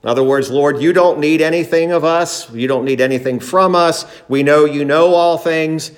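A man's voice: a little high, normal speed. A man preaching a sermon as pastor, emphatic, acting out the disciples' words in a raised voice.

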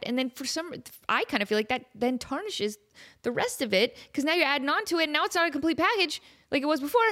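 A woman in her thirties hosting a comedy podcast, talking in a chatty, animated way and slipping into silly voices. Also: sits high. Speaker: podcast host. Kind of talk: casual comedic monologue.

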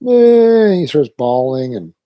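A man in his thirties tells a story in casual chat, acting out the voices of the people in it. His voice is mellow and somewhat husky. The sound is dry and close. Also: medium pitch, measured pace, no echo. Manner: animated storyteller, acting out his kids' lines.

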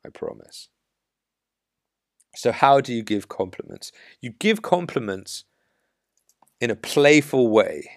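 A man's voice: mid-range voice, big pitch swings, unhurried, dry recording, studio quality. A man hosting a podcast, giving blunt, assertive dating advice in an emphatic monologue. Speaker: dating coach podcast host.

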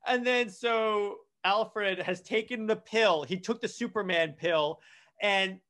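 A man's voice: high voice, slow, pushed and bright. A man casually retelling a comic storyline, rambling with many restarts and false starts. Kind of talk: casual comic plot recap.

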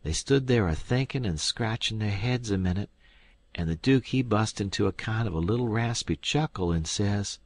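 A man's voice: fairly low pitch, normal speed, no echo. A man reading an audiobook aloud, narrating in a plain, folksy storytelling manner.

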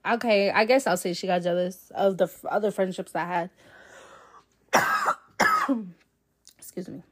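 A woman's voice: mid-range voice, wildly swooping pitch, unhurried, a bit bright, husky. Chatty young woman telling a story. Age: young adult. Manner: candid and chatty, many fillers and swearing. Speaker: podcast host. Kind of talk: casual storytelling. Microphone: solo podcast mic.

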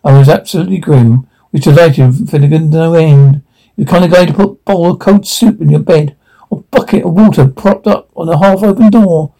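Man reading a starship captain, steady, gravelly, mellow, halting. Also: on the high side, rough recording. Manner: plain, halting script reading.

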